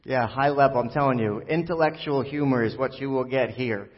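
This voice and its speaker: A man's voice: mid-range voice, a little fast. A man preaching a sermon as pastor, conversational and joking, with many fillers. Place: church hall. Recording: echoey hall, dull sound.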